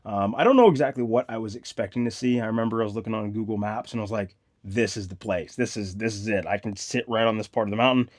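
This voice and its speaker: Animated young man telling stories casually. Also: quick pace, hardly any pauses, dry recording. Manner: animated, acts out quoted lines with sudden jumps in pitch and loudness; casual, slangy, many fillers. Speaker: vlogger. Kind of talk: casual storytelling vlog.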